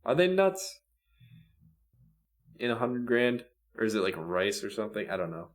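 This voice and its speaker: A man's voice: fairly low pitch, big pitch swings, moderate pace. A young man co-hosting a podcast in casual chat, laid-back and laughing often, swearing now and then. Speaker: podcast co-host.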